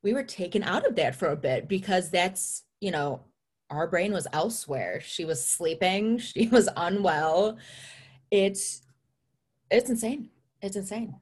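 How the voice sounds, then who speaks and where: A woman's voice: medium pitch, lively intonation, unhurried, breathy edge. A young woman in casual chat, talking openly and reflectively and laughing often.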